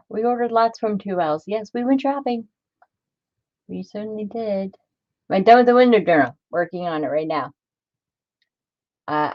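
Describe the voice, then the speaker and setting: A woman's voice: medium pitch, dry recording, lo-fi sound. Chatty woman crafting on a livestream. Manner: chatty, talks to herself and greets viewers by name. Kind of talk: casual livestream chat while crafting.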